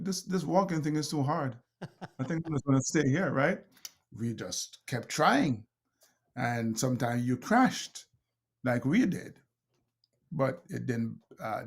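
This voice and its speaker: Gravelly Jamaican man telling stories. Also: medium pitch. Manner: animated storyteller, laughs often, acts out quotes. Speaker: guest, motivational speaker. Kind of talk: interview storytelling.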